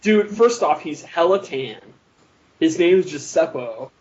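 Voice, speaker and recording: A man's voice: fairly high pitch, expressive, slow, darkish tone. Teasing man on a lo-fi podcast. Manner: teasing, jokey banter. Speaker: podcast co-host. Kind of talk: casual chat.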